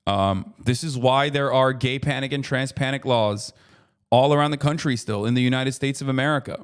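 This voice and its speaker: A man's voice: mid-range voice, normal speed, clean tone. A man in his thirties streaming casual political commentary, ranting with heavy profanity.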